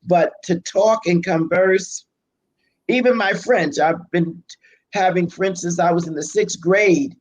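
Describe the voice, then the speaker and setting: An older woman with a Brooklyn accent, chatting as an interview guest, self-deprecating and quick to laugh. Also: fairly low pitch, rough recording. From Brooklyn, United States. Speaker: pastor and biblical scholar, guest. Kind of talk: casual conversational interview.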